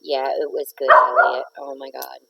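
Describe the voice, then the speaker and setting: A woman's voice: rumbling low, little pitch movement, normal speed, gravelly, noisy background. A middle-aged woman hosting a casual live stream from home, chatting and rambling to viewers and greeting commenters by name. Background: neighbor's dog barking.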